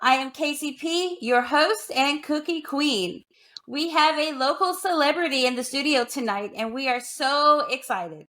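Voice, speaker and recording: Woman, podcast host, very high pitch, bright tone, upbeat. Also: measured pace. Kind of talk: casual chat.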